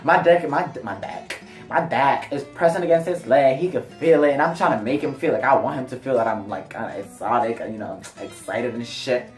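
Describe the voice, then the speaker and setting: Young male vlogger, chatty and animated, mid voice, echoey room. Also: normal speed, recorded from a distance. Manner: animated, filler-heavy, jumps pitch for quoted lines. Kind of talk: casual profane storytelling. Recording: roomy sound from off-mic, faint music.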